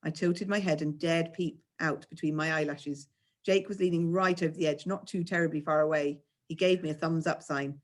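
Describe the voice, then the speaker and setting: A woman, a teacher, reading a children's novel aloud with expressive storytelling. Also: sits low, moderate pace.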